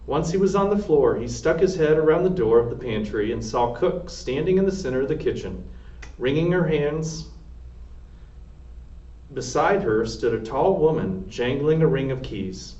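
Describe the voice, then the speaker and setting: A man reads a children's novel aloud in a steady, plain voice of middle pitch. The sound is roomy and echoing, picked up from some distance. The recording is dull and lo-fi. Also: moderate pace. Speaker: storybook reader, air force sergeant.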